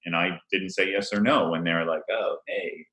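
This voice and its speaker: Brief: deep, bright-toned man, forties, laughing, animated storyteller, roomy echo. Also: brisk. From Rhode Island. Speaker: event planner guest. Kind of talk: casual interview chat.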